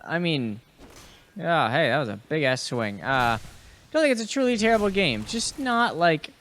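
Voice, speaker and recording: A man's voice: fairly high pitch, sing-song, moderate pace, fairly bright tone, slight background noise. A young man hosting a casual gaming podcast, rambling and chatty as he plays, with fillers, restarts and casual swearing. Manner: swears casually and talks to enemies on screen. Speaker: host and gamer. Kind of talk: casual gaming podcast commentary while playing.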